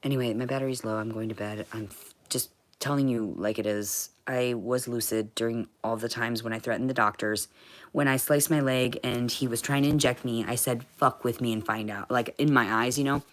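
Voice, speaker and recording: Woman, vlogger, rambling monologue, profane, muttering to shouting. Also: extremely low pitch, steady tone, brisk.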